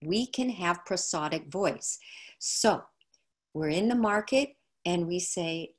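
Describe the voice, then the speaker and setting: A woman teaching on a video call, explaining calmly and repeating key phrases for emphasis. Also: on the low side, slow.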